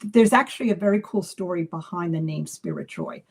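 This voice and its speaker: A woman's voice: fairly low pitch, a little fast, breathy edge. A woman talks in a loose, chatty way on a live stream. She tells stories with animation, stopping and restarting her sentences and slipping in plenty of fillers. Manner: animated storyteller acting out dialogue. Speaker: psychic medium. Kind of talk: casual live video chat.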